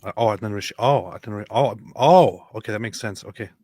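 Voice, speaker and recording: A man hosting a casual livestream, chatting loosely and reading viewer comments aloud in a relaxed, joking way. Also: lowish voice, fast talker, breathy edge, no echo, studio quality. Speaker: host.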